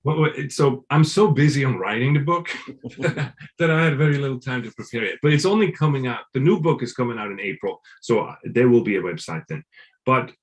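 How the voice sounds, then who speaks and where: A man from Switzerland, a guest in a casual interview, talking in halting bursts with many restarts. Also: mid-range voice, expressive.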